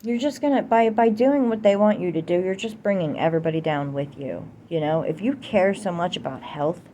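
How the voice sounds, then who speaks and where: Speaking fairly quickly in a lowish, mellow voice, a young woman from the United States rants to camera about politics, swearing heatedly and hammering her points by repeating them. She's a vlogger, and the recording has a slight hiss or hum.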